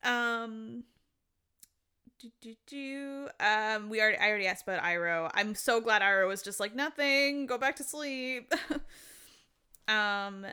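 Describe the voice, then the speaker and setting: A woman's voice: mid-range voice, steady tone, measured pace, pauses often, sharp tone, smooth. A young woman co-hosting a podcast, chatting casually and getting emotional over animals. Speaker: podcast co-host. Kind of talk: casual chat.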